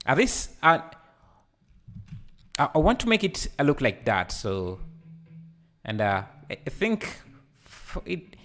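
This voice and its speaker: A man hosting a live software tutorial, hesitant and full of fillers, laughing easily as he reads the chat. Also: a little high, wildly swooping pitch, slow, pauses often. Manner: hesitant, many fillers and restarts. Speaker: livestreaming 3D tutor. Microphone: headset.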